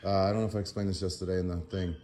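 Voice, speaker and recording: A man's voice: low-pitched, level tone, very fast, a little hiss or hum. A tired man vlogging at home after a sleepless night, rambling with lots of fillers as he talks to the camera. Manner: rambling, filler-heavy, soft baby talk to a puppy. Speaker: animal sanctuary vlogger. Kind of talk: casual talk to camera.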